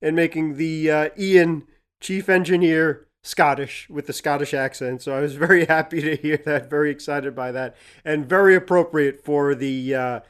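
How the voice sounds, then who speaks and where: A man's voice: a little high, fairly even intonation, moderate pace, fairly bright tone, clean tone. Enthusiastic man co-hosting a podcast. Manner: enthusiastic, laughs between words. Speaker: podcast co-host. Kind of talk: casual chat.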